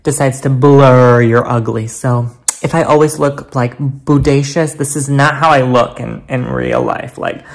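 A man talks casually to his viewers in a home vlog. He is chatty and playful, with a theatrical streak. His mid-pitched voice has a steady, gravelly fry. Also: a little slow. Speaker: vlogger.

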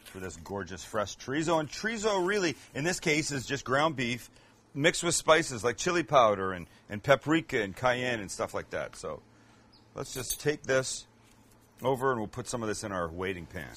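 Over a noisy background, a man with a medium-pitched voice hosts a cooking show. He chats casually while he cooks and jokes in a self-mocking way.

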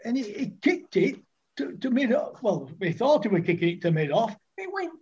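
An older former cricketer, here as a guest, tells casual, rambling cricket-club anecdotes and often breaks into laughter. His voice is extremely high-pitched and sing-song, with a darkish, slightly rough tone at normal speed, and the audio is dull.

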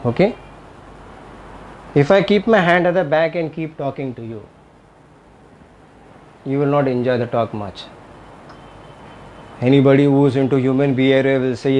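A man's voice: medium pitch, moderate pace, long pauses, darkish tone, a little hiss or hum. A man teaching tai chi and qigong in a live talk, speaking emphatically and often checking in with the audience. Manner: emphatic, repetitive, checks in with "Okay?".

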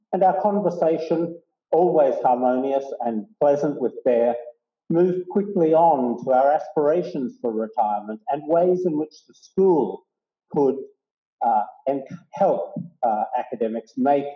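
Measured older man paying tribute. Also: mid-range voice. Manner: measured, halting with fillers. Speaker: retired academic colleague. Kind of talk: memorial tribute speech. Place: woolshed hall. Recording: roomy, dull hall sound.

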